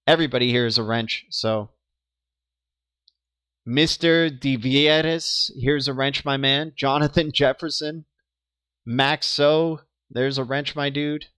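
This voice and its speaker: A man's voice: mid-range voice, steady tone, normal speed, a bit bright, clear, resonant tone, no room sound, studio quality. A young man of Cuban background hosting a crypto livestream, chatting casually with viewers and often stumbling and repeating words.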